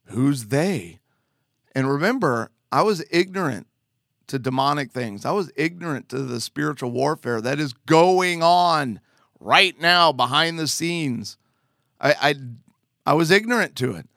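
A man's voice: a little high, animated, measured pace, fairly bright tone, dry recording, studio quality. A man earnestly telling a personal testimony as a father, conversational with emphatic asides.

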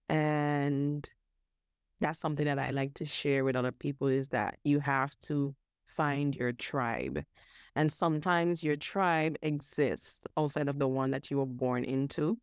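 Lady w a low voice talkin earnest on a podcast, repeats words, dry mic. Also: unhurried, clear, resonant tone, dry recording. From Caribbean. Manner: earnest, animated, laughs often, restarts words. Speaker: podcast guest, mental health advocate. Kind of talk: casual interview chat.

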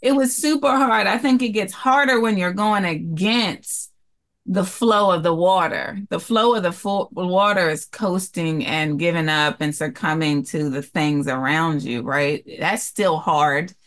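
A woman's voice: fairly low pitch, a little slow. Earnest storytelling woman. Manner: earnest and expressive, acting out quoted voices. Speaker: podcast guest, jewelry entrepreneur. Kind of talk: candid interview storytelling.

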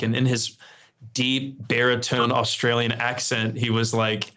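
A man's voice: mid-range voice, normal speed. Male guest pastor, 30s, conversational storyteller. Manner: earnest storytelling, relaxed fillers. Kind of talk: conversational interview.

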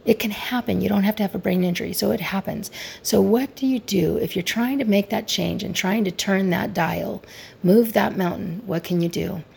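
A woman's voice: medium pitch, creaky, darkish tone, breathy edge. A middle-aged woman talking candidly and reflectively about her marriage as a coach sharing advice, often poking fun at herself. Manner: candid, reflective, self-deprecating. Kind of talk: personal advice talk.

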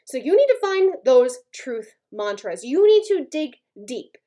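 A woman's voice: sits high, sing-song, a little slow, warm tone. A woman hosting a motivational podcast, talking bluntly and with heated emphasis, and often checking in with "okay?" and "right?". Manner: gets worked up, speaks with heated intensity. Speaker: podcast host.

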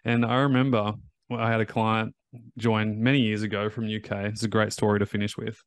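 A man's voice: lowish voice, flat delivery, fairly quick, clean tone, no echo. A man hosting a podcast as a recovery coach, talking in an emphatic, motivational way and repeating his key phrases.

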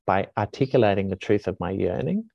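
A man's voice: low voice, expressive, brisk, vocal fry, darkish tone, no echo. A man in his forties, a heart coach, explaining ideas in an earnest, reflective way with frequent restarts. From Australia. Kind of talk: reflective conversational teaching. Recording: dull, dry podcast recording.

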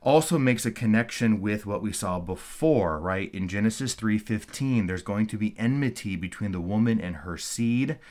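A man's voice: fairly low pitch, animated, moderate pace, few pauses, a little mellow. A man giving a recorded theology course lecture, earnest and explanatory, reading verses aloud and then commenting on them, with frequent fillers and restarts.

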